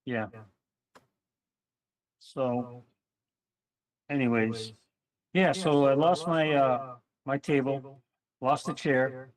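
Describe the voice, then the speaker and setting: A man casually telling a story on a chat panel, animated and acting out what people said. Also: mid-range voice, very slow, long pauses, far from the mic, rough recording. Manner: animated storyteller, acts out quotes.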